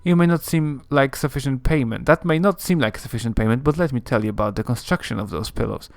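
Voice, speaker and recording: A man's voice: mid-range voice, fast, gravelly, no room sound, close to an everyday voice. Brief: polite, lecturing coffin-making shopkeeper in a video game, voiced by a man, dry close sound. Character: fussy male shopkeeper, coffin maker.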